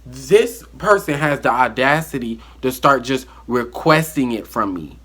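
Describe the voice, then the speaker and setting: A man telling a story from his life in a casual vlog monologue, animated and acting out the dialogue. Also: medium pitch, measured pace, breathy edge.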